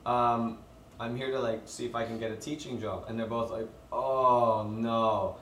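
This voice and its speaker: A man's voice: medium pitch, steady tone, measured pace, fairly bright tone. A young man telling a casual story among friends, laughing as he goes and acting out what people said. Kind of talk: casual chat. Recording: roomy, distant mic, noisy background.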